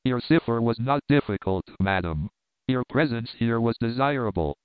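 A man voicing a calm, shrewd detective who speaks in a measured, composed way, in a tinny recording. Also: medium pitch, clear, resonant tone, no room sound, natural voice. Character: calm, shrewd male detective, middle-aged. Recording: dry tinny phone-like sound.

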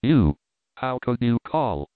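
A man's voice: medium pitch, big pitch swings, slow pace, clear, resonant tone, no room sound. A man voicing a passionate young Italian wife in an impassioned, exclaiming way, in a tinny recording. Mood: pleading. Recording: dry tinny phone-like sound.

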